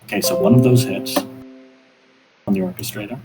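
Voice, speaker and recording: Low-voiced man running a tabletop game. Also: fairly even intonation, normal speed, over music, poor audio. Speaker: game master.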